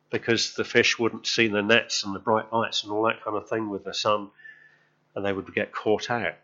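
A man's voice: fairly low pitch, flat delivery, moderate pace, sharp tone, muffled recording. A male preacher telling a story in a sermon, chatting with the congregation and often asking them questions.

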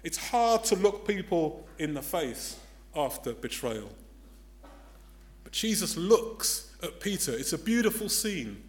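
An older man preaching a sermon, emphatic and dramatic, swinging between loud declarations and hushed tones. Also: a little high, big pitch swings, takes it slowly.

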